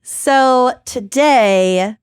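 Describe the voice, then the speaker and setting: A woman's voice: a little high, very slow, clear, resonant tone, no room sound, studio quality. A woman with a Minnesotan accent co-hosting a podcast in casual chat, laughing often and swearing casually. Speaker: podcast co-host.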